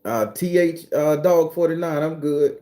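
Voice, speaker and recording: A man hosting a casual livestream, talking loosely, cursing freely and answering viewer comments, sometimes breaking into loud, high ranting. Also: a little slow. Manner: swings into loud, high-pitched ranting at times. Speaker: livestream host.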